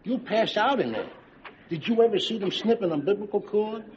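An actor playing a blustering, old-fashioned working-class father in a sitcom, grumbling in rough everyday grammar. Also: high voice, expressive, brisk. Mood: grumbling, scoffing. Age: middle-aged. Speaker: father of the pregnant woman. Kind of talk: 1970s sitcom acting. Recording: dull noisy old TV audio, audience laughter.

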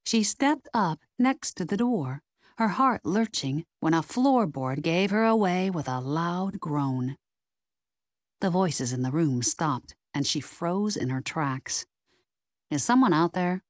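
A woman narrating a mystery novel in an expressive, measured reading. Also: fairly low pitch, dry recording, studio quality. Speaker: audiobook narrator.

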